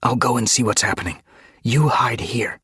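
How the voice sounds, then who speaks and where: A man's voice: lowish voice, normal speed, breathy edge, dry recording, clean studio sound, voice pushed up. A man reading an audiobook, voicing a young male warrior cat who is anxious and guilty, in an earnest, worried way. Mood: urgent.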